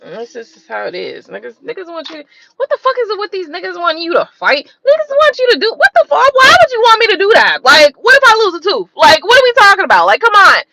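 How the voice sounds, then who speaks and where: Female host, unscripted rant, blunt and exasperated; very lively high voice. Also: fast, vocal fry, slight background noise, poor audio. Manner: blunt, profane, exasperated ranting with rhetorical questions. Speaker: tarot reader and channel host.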